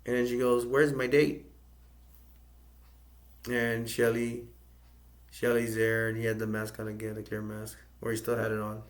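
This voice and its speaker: A man from the United States casually recapping a film's plot in a flat, rambling way. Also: fairly low pitch, moderate pace. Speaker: movie reviewer.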